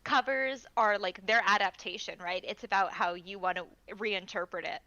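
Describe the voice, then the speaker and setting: A woman's voice: mid-range voice, moderate pace, bright, forceful tone, no echo, lo-fi sound. A woman in casual stream chat, talking in a chatty, encouraging way with many fillers. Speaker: voice actor guest.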